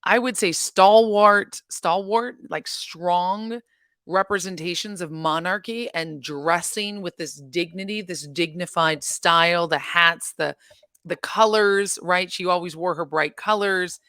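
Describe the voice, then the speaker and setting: A woman's voice: lowish voice, measured pace, a bit bright, dry recording. Chatty woman with a dry close sound. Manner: chatty, rambling, laughs often. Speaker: channel host reacting to news. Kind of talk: casual reaction vlog.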